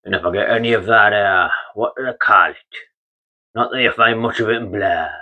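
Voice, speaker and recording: A man's voice: lowish voice, fairly quick, dull audio. A Geordie man from North East England, a builder vlogger giving a jokey, mock-dramatic monologue to camera, teasing and swearing casually.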